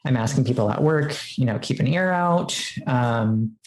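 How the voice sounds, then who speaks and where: A woman's voice: very deep voice, animated, moderate pace, a little mellow, roomy sound, low-quality recording. A woman as a podcast guest, telling a personal story in casual chat, full of "like" fillers and quoting what she said. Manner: chatty, many "like" fillers, quotes herself.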